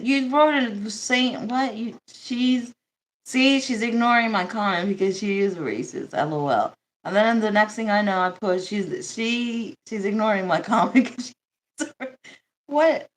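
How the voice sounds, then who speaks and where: A young woman from the States chats on her livestream in a slightly high voice, taking her time over her words. She's blunt and joking, laughs often and swears freely. It's a casual, unscripted stream. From United States. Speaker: livestream host.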